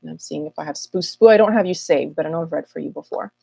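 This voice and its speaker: A woman astrologer hosting a casual live Q&A, chatty and rambling with self-mocking asides, her voice a little husky this morning. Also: sits low, quick pace, dark tone, no room sound. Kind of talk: casual livestream chat.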